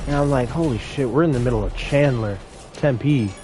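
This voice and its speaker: A young man tells work stories in a brash, animated way, his voice sitting at a middle pitch. He acts out the confrontations as he tells them. Faint music plays under his voice. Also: moderate pace. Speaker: fast food worker. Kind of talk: casual storytelling vlog.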